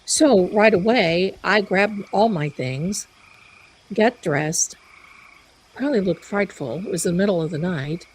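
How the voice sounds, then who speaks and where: A woman hosting a live stream, telling a story in an animated, chatty way. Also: fairly low pitch, measured pace, slight background noise, low-quality recording. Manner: animated, chatty, loud bursts of laughter. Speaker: psychic live-stream host.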